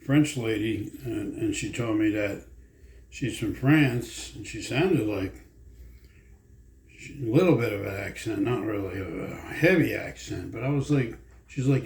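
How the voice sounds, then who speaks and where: Here a man rambles casually for his vlog, folksy and meandering as he hops from story to story. His voice is on the low side, a little mellow, with vocal fry and a measured pace, recorded in an echoey home room with faint ambience.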